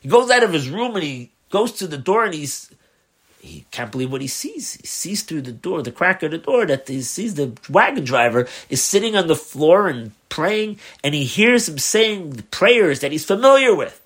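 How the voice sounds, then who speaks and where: Animated rabbi telling a story. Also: male voice, fairly high pitch, normal speed, slightly rough. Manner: animated, acts out the dialogue; loose, with fillers. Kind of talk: storytelling lecture.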